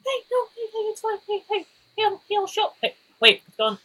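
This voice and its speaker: A man's voice: very high-pitched, big pitch swings, fairly quick, sharp tone, voice pushed up, full character voice. A man voicing a panicked young man on the phone in a tabletop game, repeating himself frantically. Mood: frantic. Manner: frantic, repeating "hey" over and over.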